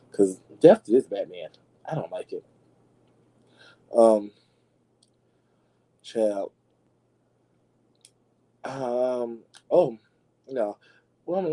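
A man hosting a podcast and dishing celebrity gossip in a sassy, dramatic way, calling his listeners y'all and jumping into high squeals to make a point. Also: mellow, husky, low-quality recording. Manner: swoops into high squeals for emphasis. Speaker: podcast host. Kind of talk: casual gossip commentary.

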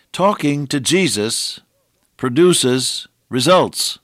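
An older man preaching a sermon, moving between hushed storytelling and raised, emphatic exhortation with slow, deliberate phrasing. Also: fairly low pitch, expressive, dry recording, clean studio sound.

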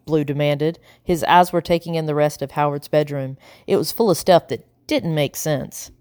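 A woman narrating a children's novel in an even, measured reading voice. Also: deep voice, dry recording, studio quality. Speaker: audiobook narrator. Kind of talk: storybook narration.

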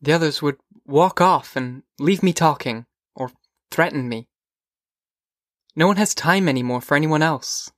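A man voicing a curious, whimsical teenage girl in an audiobook, with lilting, eager questions that come in quick bursts. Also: fairly high pitch, fairly bright tone, dry recording, studio quality. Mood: wondering. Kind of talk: audiobook character voice.

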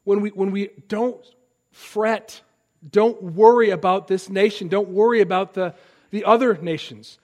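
A man in his thirties preaching a sermon. He swings between loud, impassioned lines and soft, conversational asides. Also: high-pitched, fairly even intonation, unhurried. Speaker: pastor.

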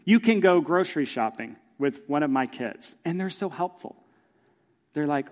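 A man preaching a sermon as pastor in a church, animated and storytelling, acting out voices of his kids. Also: a little high, moderate pace, in a large hall.

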